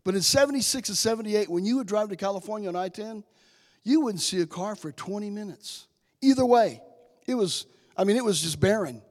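A man in his sixties, a guest speaker giving a testimony sermon in a church, telling a story that builds to loud, slow preaching. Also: sits high, animated. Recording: long reverb in a church hall.

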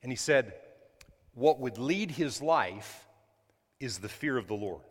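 A male pastor preaching a sermon during a church service. He talks conversationally, breaks into sudden loud bursts, and adds apologetic asides. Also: mid-range voice, lively intonation, slow, big-room sound.

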